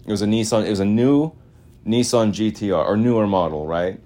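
A man's voice: on the low side, brisk, dark tone. A man hosting a podcast in a casual, meandering monologue, slangy and full of filler words. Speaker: podcast host.

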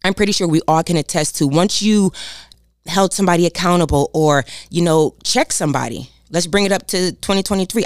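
Low-voiced woman giving an emphatic pep talk. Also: fairly quick, no room sound, studio quality. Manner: preachy, emphatic, repeats key phrases; addresses listeners directly as "y'all". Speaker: self-help speaker. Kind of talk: motivational talk.

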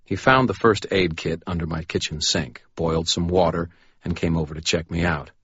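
A man with a very low, husky voice reads a first-person story in a dry, wry, deadpan manner. The recording is close and dry, with a slightly dull, muffled tone. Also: normal speed, no echo. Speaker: audiobook narrator. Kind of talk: first-person scripted narration.

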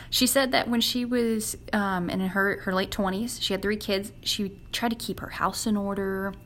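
Young woman, earnest devotional talk, conversational, mid-pitched voice, podcast host. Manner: earnest and conversational, acts out quoted prayers.

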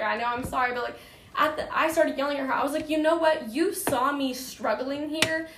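Chatty woman with a high voice. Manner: animated, retells with quoted dialogue, many fillers. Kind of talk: casual storytelling chat. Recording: roomy echo with faint background noise.

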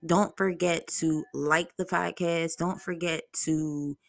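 A young woman hosts her own podcast in a blunt, profane, lively storytelling style. Her voice sits fairly low and has a gravelly fry. The sound is dry and close to the mic, with no room echo. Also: slow. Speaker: podcast host. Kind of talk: solo podcast talk.

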